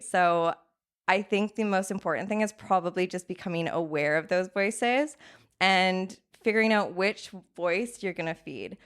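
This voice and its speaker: Here the guest coach, a woman in her thirties, has a clear, resonant, medium-pitched voice. Speaking earnestly in a casual podcast interview, she acts out inner voices and keeps checking in with "right?"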